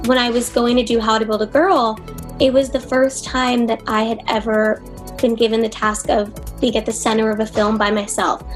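A young woman from Los Angeles, in her twenties, recounts her career in a chatty, earnest interview. Her voice sits a little high, and she gushes, often stopping to restart a thought. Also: flat delivery, normal speed, faint music behind, poor audio. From Los Angeles, USA. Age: 20s. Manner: earnest, effusive, with frequent restarts. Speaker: actress, interview guest. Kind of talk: conversational interview storytelling.

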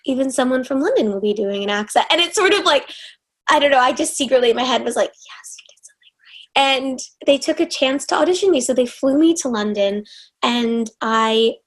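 A young woman from Los Angeles, in her twenties, recounts her career in a chatty, earnest interview. Her voice sits a little high, and she gushes, often stopping to restart a thought. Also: animated, a little fast, low-quality recording. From Los Angeles, USA. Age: 20s. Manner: earnest, effusive, with frequent restarts. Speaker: actress, interview guest. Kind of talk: conversational interview storytelling.

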